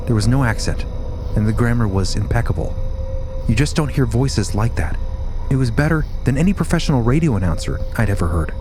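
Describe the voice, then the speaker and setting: A man hosting a podcast, dramatically reading a first-hand witness account and getting loud at the quoted screams. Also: medium pitch. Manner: animated storytelling, rising to shouts at quoted screams. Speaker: podcast host.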